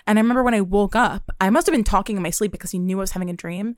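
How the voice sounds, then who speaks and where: A woman's voice: mid-range voice, racing, no echo, studio quality. A young woman in casual chat, telling stories with animation and swearing freely, acting out her own outbursts.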